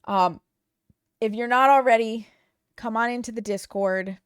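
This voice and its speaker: A woman's voice: fairly high pitch, normal speed, clear, resonant tone, no echo, clean studio sound. A woman streamer talking casually to her viewers, frustrated and venting, with some swearing.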